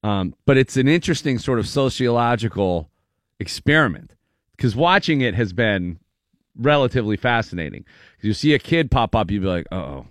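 Middle-aged radio host, male, lively swinging delivery, close dry booth mic. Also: mid-range voice, normal speed, dry recording. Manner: animated storyteller, jumps into loud put-on voices. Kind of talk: casual morning radio banter. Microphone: studio microphone.

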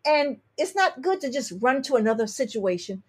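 A woman's voice: high voice, sing-song, moderate pace, husky. A woman astrologer hosting a show, reading listener emails and giving blunt, sassy advice with emphatic repeats. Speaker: astrologer and tarot reader host.

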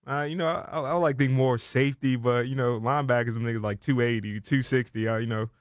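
A man's voice: medium pitch, steady tone, fast, no room sound, studio quality. A young man with a Washington DC accent telling a story in casual chat, animatedly acting out the voices of people in it. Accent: Washington DC area.

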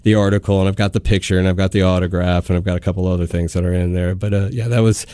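A man with a very low, dark voice rattles through a personal anecdote at a quick clip. He restarts his sentences often and keeps the story rolling. The sound is dry and close. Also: no echo. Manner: animated storyteller with many restarts. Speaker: guest. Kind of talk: casual storytelling.

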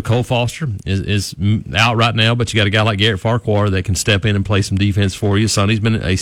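On a radio show, a man who covers college sports talks loosely about a team's season, starting over many times in a relaxed, meandering way. He has a lowish voice, and there's no room sound.

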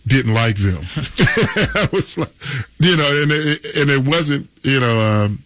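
A man's voice: medium pitch, animated, slow pace, a bit bright, no room sound. A man in his fifties telling stories on sports radio, rambling and chuckling as he goes. His voice sits mid-range and sounds dry and close. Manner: chuckles often, rambling with fillers. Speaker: radio co-host, former football player. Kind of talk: casual storytelling on sports radio.

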